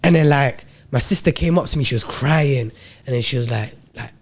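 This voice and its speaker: A man's voice: medium pitch, a little fast. A young man on a podcast telling a faith story in casual slang, acting out what he thought and said. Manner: animated and slangy, acts out his own quoted thoughts. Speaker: podcast co-host.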